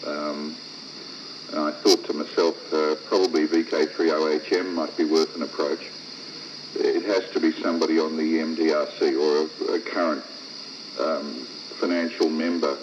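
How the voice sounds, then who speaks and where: An Australian man speaking deliberately, with hesitations, on an amateur radio net. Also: very deep voice, level tone. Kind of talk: casual amateur radio chat. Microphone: ham radio transceiver mic. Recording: dull, noisy radio transmission.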